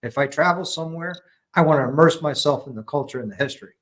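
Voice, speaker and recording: A man's voice: on the high side, fast talker, fairly bright tone, poor audio. An American man and army veteran talking casually from his garage, earnest and fond of telling stories. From United States. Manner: earnest, storytelling. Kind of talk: casual chat. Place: garage at home.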